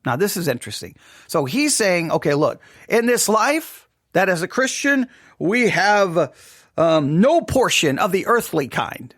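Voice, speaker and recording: Lively high-voiced man teaching scripture. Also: unhurried, no echo, clean studio sound. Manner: thinks aloud, with frequent restarts and rhetorical questions. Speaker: Bible teacher. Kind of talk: devotional Bible study talk.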